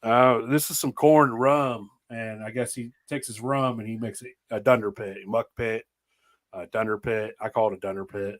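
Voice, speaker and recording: A man's voice: mid-range voice, steady tone, normal speed. A man hosting a podcast, chatting casually and telling rambling stories with frequent laughs. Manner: laid-back, rambling storyteller, laughs often. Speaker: podcast host. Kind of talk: casual chat.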